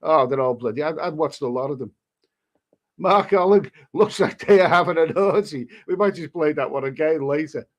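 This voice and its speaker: A man's voice: fairly high pitch, moderate pace. A man, hosting a live stream and rambling through crude commentary with many restarts. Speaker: livestream host.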